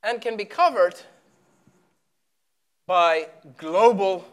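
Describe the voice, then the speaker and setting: A man giving a live math lecture at a board, talking haltingly with many fillers and restarts. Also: sits high, clear, resonant tone. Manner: halting, full of fillers and restarts while writing. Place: lecture hall.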